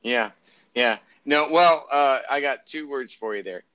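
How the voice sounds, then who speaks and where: A man's voice: medium pitch, measured pace, sharp tone, muffled recording. A man co-hosting a casual political chat, rambling and sarcastic, swearing freely, with lots of fillers and restarts. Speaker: podcast co-host.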